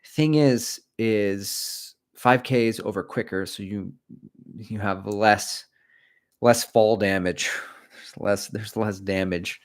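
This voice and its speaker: A middle-aged man hosts a casual running livestream. His voice sits a little low, and he rambles from topic to topic, cracks dad jokes and reads viewers' comments aloud. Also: slow. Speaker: running channel host.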